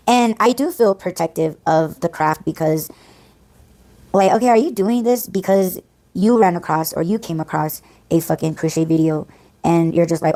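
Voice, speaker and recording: A woman's voice: lowish voice, moderate pace, dark tone. A woman hosting a podcast, venting in a blunt, profane, casual ranting monologue. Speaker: podcast host.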